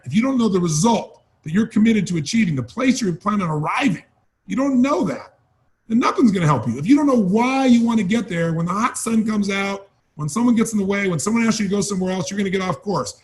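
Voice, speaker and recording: A man giving an emphatic motivational training talk, urging and repeating key phrases. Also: high-pitched. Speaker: motivational speaker.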